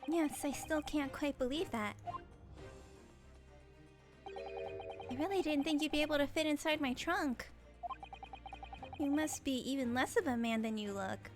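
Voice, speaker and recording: A woman doing a low, teasing young samurai. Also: a little slow, pauses often, over music. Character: calm, teasing young male samurai student.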